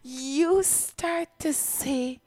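A woman telling a Bible story to children in a slow, expressive storytelling voice. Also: high voice, no echo.

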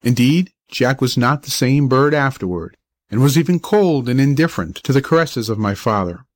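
A man narrating an old-fashioned story in a measured storybook reading. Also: mid-range voice, expressive, no room sound.

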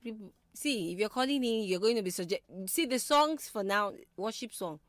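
A woman's voice: mid-range voice, lively intonation, normal speed, no room sound. A woman hosting a call-in radio show, chatting and teasing callers in a playful, exclamatory way. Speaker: radio host.

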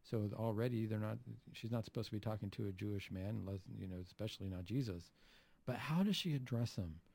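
Gravelly guy giving a catholic homily, warm low tone, keeps asking the crowd questions. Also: fast, dry recording. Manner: animated, rhetorical questions, acts out quotes. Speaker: preacher.

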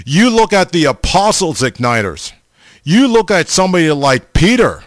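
A man preaching an informal sermon, slow and halting, often pausing and restarting as he addresses his listeners. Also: fairly high pitch, big pitch swings, no echo. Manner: slow, halting, repeats the audience name often.

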